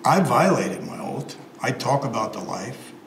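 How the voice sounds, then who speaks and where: A man giving an earnest, measured personal account as an interview guest. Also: fairly low pitch, very animated, creaky. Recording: echoey room with faint noise.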